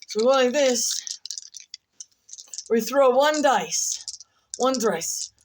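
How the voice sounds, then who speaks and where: A woman's voice: high voice, expressive, extremely slow, background noise. A woman vlogger rambling through casual commentary, repeating herself and muttering asides as she goes.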